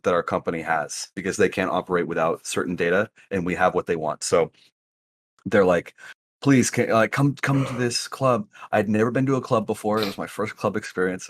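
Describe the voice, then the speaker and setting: A young man co-hosting a podcast, telling a long story in an animated way and laughing often. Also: low voice. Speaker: podcast co-host. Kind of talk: casual chat, storytelling.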